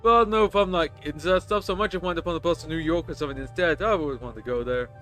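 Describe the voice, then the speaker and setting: A game streamer reading the lines of a chatty, rough male stranger on a bus, telling crude stories in a rambling way. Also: mid-range voice, very fast, a bit bright, soft background music, natural voice.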